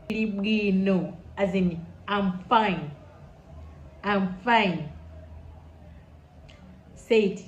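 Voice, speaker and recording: A woman from Malawi with a Malawian accent, teaching a language lesson in an enthusiastic way and repeating words slowly for learners. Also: medium pitch, animated. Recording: echoey room with faint noise.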